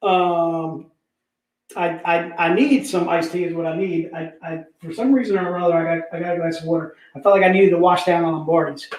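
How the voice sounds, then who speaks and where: A man hosting a live comic book sale, pitching deals in energetic, repetitive, joking hype talk. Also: fairly quick. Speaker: host selling comic books. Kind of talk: live online sales pitch. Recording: echoey room.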